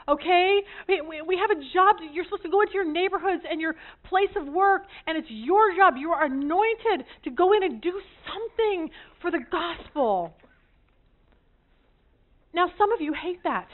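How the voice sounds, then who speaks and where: A woman teaching a women's Bible study group, an animated storyteller with self-deprecating humor. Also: very high voice, normal speed. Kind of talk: lively teaching talk to a group. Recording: tinny phone-like sound.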